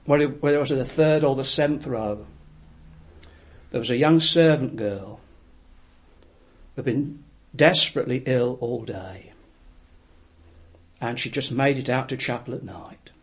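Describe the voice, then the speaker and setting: A man preaching a sermon, telling a story in an earnest, reflective way with frequent pauses. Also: mid-range voice, slightly rough.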